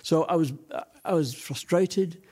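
A man's voice: fairly high pitch, a little slow, a little mellow, slightly rough. An older man telling stories from his life as an interview guest, reminiscing at length with plenty of fillers and restarts. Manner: rambling reminiscing with many fillers. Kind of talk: storytelling.

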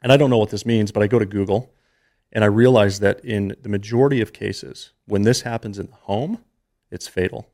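A man in his thirties, guesting on a podcast, tells a personal story with earnest emotion and a conversational feel. His voice sits on the low side, a little mellow, and he talks fairly quickly.

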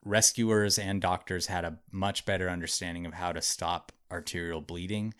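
A man hosting a podcast, telling a true story to friends in a chatty way, with lots of "like" and "um". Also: low-pitched. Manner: chatty, hedging with frequent "like" and "um". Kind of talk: casual storytelling narration.

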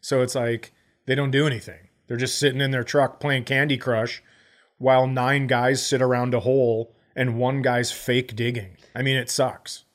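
A man in his forties, a comedian co-hosting a podcast, speaks in a level, mid-range voice at normal speed. He's casually recounting a comic story, playing every part in the conversations he describes.

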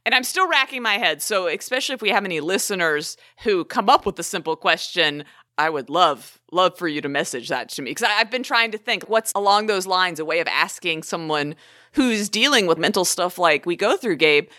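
A young woman from the American South talks on a podcast, chatty and animated and quick to laugh. Her voice is bright and forceful, and it sounds close and dry, with no room echo. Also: lowish voice. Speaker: podcast co-host. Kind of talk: casual podcast conversation.

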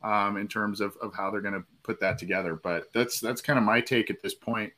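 Man with a bright, sharp tone, calmly analytical sports podcast co-host. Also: fairly low pitch. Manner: measured, analytical breakdowns. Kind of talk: casual sports podcast chat.

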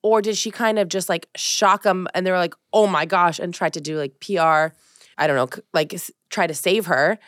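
A young woman co-hosting a podcast in casual chat, an animated storyteller who acts out quotes. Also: fairly low pitch, moderate pace, dry recording, clean studio sound. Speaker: podcast co-host.

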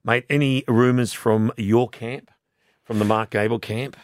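Blokey radio host. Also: male voice, mid-range voice, steady tone, unhurried, no echo, studio quality. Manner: blokey, exclamatory. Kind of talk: casual radio banter. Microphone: studio microphone.

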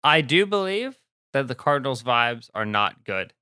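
A man podcast host giving quick, sarcastic, opinionated sports takes in casual chat. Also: medium pitch, big pitch swings, bright, forceful tone, clean tone, no echo, clean studio sound.

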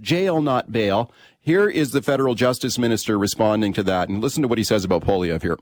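A man's voice: on the low side, fast, darkish tone, no room sound. Radio host man, dry studio voice. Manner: conversational, prompting questions. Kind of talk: talk radio interview.

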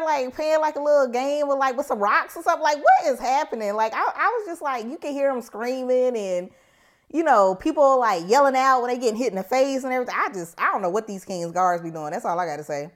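Woman co-host, fairly high voice, casual, slangy, opinionated, easygoing delivery. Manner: relaxed, slangy, opinionated reactions. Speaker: podcast co-host. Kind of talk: casual chat reacting to a TV episode.

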